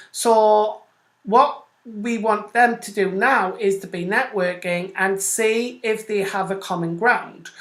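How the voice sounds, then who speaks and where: A woman hosting an online radio show, chatting casually and addressing listeners directly as she explains business networking with made-up examples. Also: medium pitch. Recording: roomy echo.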